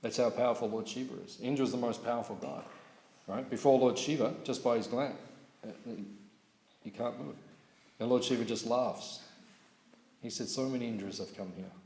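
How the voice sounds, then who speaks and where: Man, temple class speaker, lively storyteller, questions to the room, long hall echo. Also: mid-range voice, normal speed, long pauses. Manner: lively storyteller, asks audience questions, laughs. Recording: echoey hall recording.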